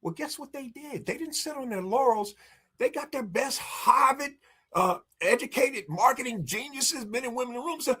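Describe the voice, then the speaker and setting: Lively, husky-voiced man pitching marketing. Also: moderate pace. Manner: emphatic, acts out dialogue, addresses the audience directly. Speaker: marketing strategist guest. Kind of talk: energetic podcast interview storytelling.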